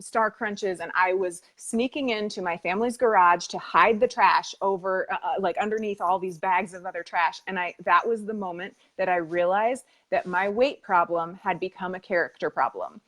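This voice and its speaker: A woman's voice: mid-range voice, fairly bright tone. A woman co-hosting a live faith-based weight loss coaching chat, talking in an earnest, confessional way.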